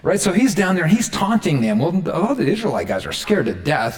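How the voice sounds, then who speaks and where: A man's voice: fairly high pitch, a little fast, few pauses. A man preaching a sermon in a casual, conversational way, retelling a story and checking in with his listeners. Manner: conversational, animated, keeps checking in with the audience. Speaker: pastor.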